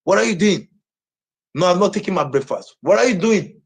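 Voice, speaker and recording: A man ranting on a livestream, his high, husky voice swinging wildly up and down. He shouts and repeats himself in agitation. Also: lively intonation, brisk.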